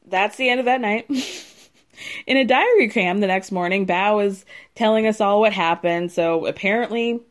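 A woman's voice: mid-range voice, normal speed. A young woman casually recapping a reality show in a chatty, gossipy way, often laughing and acting out what people said.

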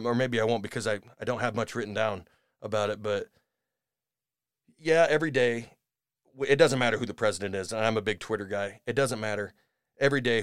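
A man hosting a podcast in a rambling, sarcastic comedic rant, dropping to mutters and rising to shouts. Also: on the low side, no room sound, clean studio sound. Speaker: podcast host.

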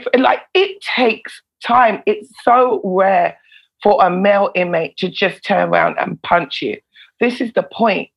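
A woman, a former prison officer and comedian, telling stories in a casual interview, animated and swearing freely. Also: on the low side, takes it slowly, vocal fry, highs cut off. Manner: animated, swears freely, laughs between lines. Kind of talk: casual storytelling in a podcast interview.

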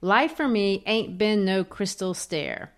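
A woman reading a poem in the voice of a weary, persevering mother advising her son, slowly and earnestly. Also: medium pitch, expressive.

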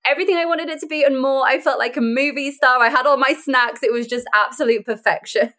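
A woman's voice: high-pitched, quick pace, a bit bright. Bubbly young woman, chatty. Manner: bubbly, laughs often, chatty storytelling. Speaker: actor and guest. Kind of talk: casual interview chat.

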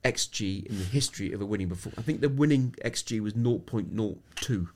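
A man's voice: lowish voice, fairly quick, darkish tone. A middle-aged man from England, a sports psychologist speaking as a podcast guest, reflective and anecdotal, often restarting his sentences. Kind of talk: podcast interview storytelling.

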